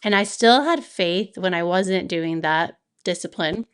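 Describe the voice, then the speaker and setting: A woman guest speaking in an interview, open and reflective, often laughing softly as she talks. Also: on the low side, a little slow, clear, resonant tone. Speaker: author and guest. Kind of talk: candid interview conversation.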